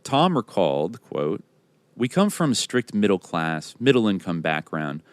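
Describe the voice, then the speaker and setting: Male podcast host, very low voice, lively delivery, dry close sound. Reads biography passages aloud. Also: measured pace, no echo.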